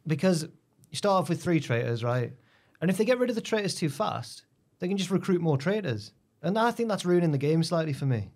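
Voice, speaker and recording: Fast-talking man chatting. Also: on the high side. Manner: animated storytelling, acts out quotes. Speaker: podcast co-host. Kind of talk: casual chat.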